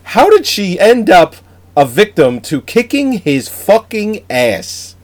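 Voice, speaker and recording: A mid-pitched man with a lively, up-and-down delivery recaps a movie in casual chat. He laughs often, swears freely and reads bits from his notes. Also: slow. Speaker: podcast co-host.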